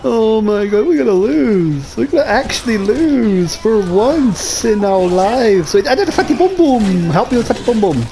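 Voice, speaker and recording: A man playing a co-op game, excitable and swearing often. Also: high-pitched, moderate pace, creaky, hardly any pauses, slight background noise, rough recording. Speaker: gamer playing co-op. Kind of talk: casual gaming chat.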